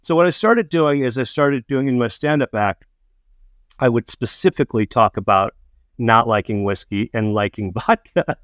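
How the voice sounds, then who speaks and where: A middle-aged man, a comedian, casually telling drinking stories, swearing and self-mocking, acting out quotes with sudden high voices. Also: moderate pace, no room sound, studio quality. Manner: swearing, self-mocking, acts out quotes with big pitch jumps. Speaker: podcast co-host, comedian. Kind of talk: casual storytelling chat.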